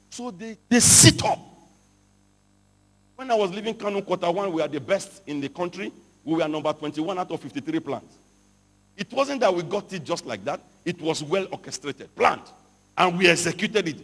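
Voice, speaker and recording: High, bright-voiced preacher man in a hall. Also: slightly rough. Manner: storytelling, rising to shouted emphasis. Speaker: pastor. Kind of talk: sermon to pastors. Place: large hall. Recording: hall reverb, from a distance.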